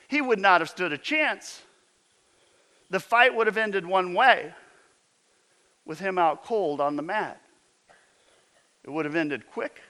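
A man's voice: high-pitched, pushed and bright. A man preaching a sermon as a pastor, telling stories and asking emphatic rhetorical questions.

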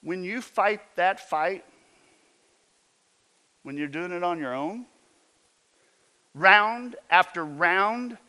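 High, bright-voiced preaching man. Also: slow pace, long pauses, clear, resonant tone. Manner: storytelling, emphatic, rhetorical questions. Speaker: pastor. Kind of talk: sermon.

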